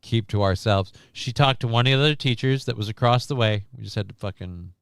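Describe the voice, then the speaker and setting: Man, casual stream chat, crude jokes, swears a lot, voice cracks, smooth tone, dry close sound. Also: mid-range voice, brisk, no echo. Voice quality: voice prone to cracking. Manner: crude joking, swears often. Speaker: stream co-host.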